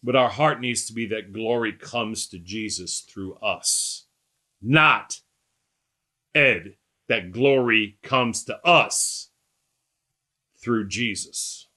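Man, sermon, emphatic, rhetorical repetition, bright tense voice. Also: medium pitch. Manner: emphatic, rising and slowing on quoted scripture. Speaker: preacher.

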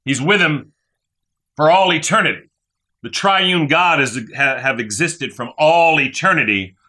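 A man's voice: on the high side, unhurried, sharp tone. A man preaching a sermon as a pastor, fervent and repetitive, often tagging his points with "right?" and "okay?". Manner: fervent preaching, repeats phrases, asks "right?".

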